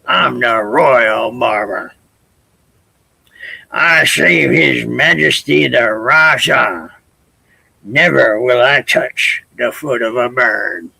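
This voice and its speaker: A man's voice: mid-range voice, slow, gravelly, sharp tone, breathy edge, dry recording, pitched below the performer's own voice, full character voice, low-quality recording. An older man playing a huffy royal barber. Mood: haughty. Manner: huffy, pompous. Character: haughty male royal barber.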